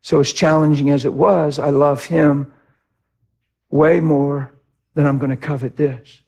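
Male pastor, high gravelly voice, preaching with passion, loud bursts then soft. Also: flat delivery, measured pace. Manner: impassioned, shifts between shouting and quiet reflection. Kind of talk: sermon.

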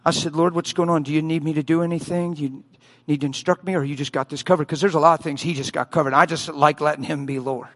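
A man preaching a sermon as a story, animated, acting out voices and screams and often laughing. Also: on the high side, quick pace.

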